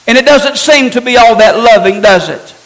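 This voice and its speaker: A man's voice: very high-pitched, moderate pace, fairly bright tone, poor audio. A man preaching a sermon to his congregation, teaching in an emphatic way and asking rhetorical questions. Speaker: pastor.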